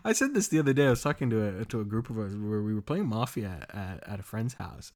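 A man's voice: on the low side, expressive, quick pace, a little mellow. A man co-hosting a podcast in casual chat, laughing often and swearing freely. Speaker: podcast co-host.

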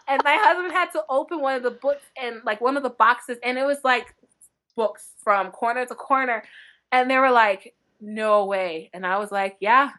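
A woman book blogger chatting as a podcast guest, telling lively stories with frequent laughter and acted-out quotes. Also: sits high, normal speed. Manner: animated, laughing often, acts out quotes. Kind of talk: chatty podcast interview storytelling.

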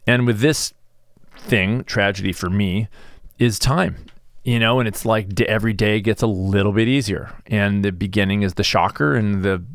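A middle-aged man with a fairly low voice talks alone on his podcast, his words halting and soft as he searches for them. He sounds subdued and grieving. The sound is dry and close, with no room around it. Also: dry recording. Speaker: podcast host and stress management coach. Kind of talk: reflective solo podcast monologue.

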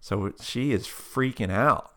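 A man telling a personal story in a relaxed conversational way, with many fillers and restarts and bursts of animated delivery. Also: medium pitch, slow. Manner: animated, breaks into loud excited quotes.

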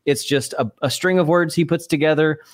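A man's voice: on the high side, brisk, no room sound, studio quality. A man hosting a casual podcast interview, musing loosely about comedy and often chiming in with short replies. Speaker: podcast host.

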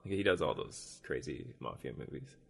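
A man's voice: extremely low pitch, very animated, moderate pace, vocal fry, a bit bright, breathy edge. A man co-hosting a gaming podcast in casual chat, full of wisecracks. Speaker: podcast co-host.

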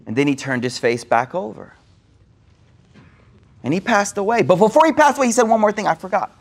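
A man teaching as an Islamic speaker in a relaxed sermon, retelling a story, dropping street slang, repeating phrases for emphasis and reciting Arabic quotations quickly. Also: high-pitched.

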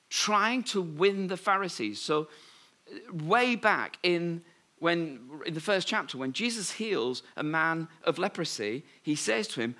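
A man preaching a sermon, retelling scripture with lively humour and playful asides. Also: a little high, normal speed. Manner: lively storytelling with humorous asides.

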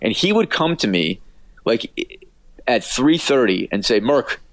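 A man's voice: mid-range voice, very animated, unhurried, no echo. A man, an author and radio producer, telling anecdotes casually as an interview guest, with many fillers and restarts.

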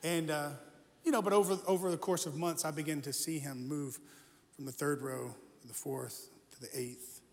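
Animated pastor in an echoing church hall. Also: male voice, on the high side, normal speed. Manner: animated, self-deprecating humor, earnest. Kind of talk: storytelling sermon. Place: church sanctuary.

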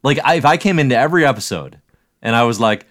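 A man's voice: medium pitch, lively intonation, quick pace, a bit bright. A man hosting a casual podcast chat, rambling and hedging with many fillers. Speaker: podcast host.

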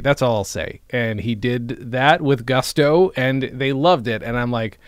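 A man in casual conversation, telling a long story and stopping often to qualify what he means. His voice sits in a middle pitch, and the recording is dry and close, with no room sound. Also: a little slow, few pauses, clean tone, no echo. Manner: rambling, self-qualifying storyteller. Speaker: podcast co-host. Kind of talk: casual chat.

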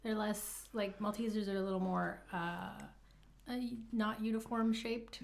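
A woman co-hosting a casual podcast, talking at an easy, unhurried pace. She giggles often and hesitates as she thinks aloud. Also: medium pitch, fairly even intonation, creaky. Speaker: podcast co-host. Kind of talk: casual chat.

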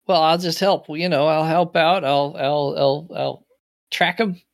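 A man's voice: fairly high pitch, steady tone, unhurried, gravelly. A man voicing a scrappy young boy who begs to help, stammering and eager.

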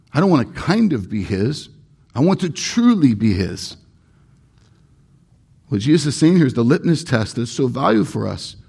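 A man preaches a sermon with earnest emphasis and leans on repetition to drive his points home. His voice is gravelly and a little husky, and it sits at an ordinary middle pitch. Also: a little mellow. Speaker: pastor.

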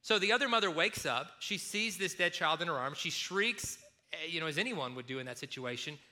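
Bright-voiced male preacher telling a story. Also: a little high, a little fast. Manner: storytelling, animated, acts out quotes. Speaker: pastor. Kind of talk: sermon.

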